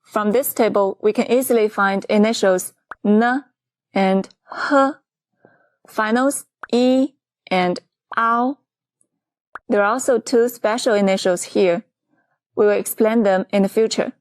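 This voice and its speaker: A woman teacher in a scripted lesson, explaining clearly and patiently, step by step. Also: medium pitch, moderate pace, a little mellow, dry recording, clean studio sound. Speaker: Chinese teacher.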